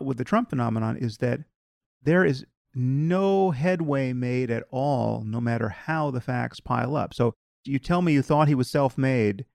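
A man hosts a podcast conversation, building his argument in a measured, deliberate way. His mid-range voice has a gravelly fry. The recording is close and dry. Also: medium pitch, darkish tone, no room sound. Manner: measured, argumentative, many "you know" fillers. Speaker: podcast host. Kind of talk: conversational interview.

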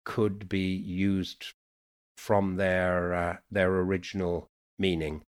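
Low-voiced musing man, Yorkshire-Irish lilt. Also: flat delivery, clean tone. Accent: mixed Yorkshire, Irish and Americanized English. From Yorkshire, England. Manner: unhurried, musing storyteller with many "you know"s. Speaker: poet guest. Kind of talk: reflective podcast conversation.

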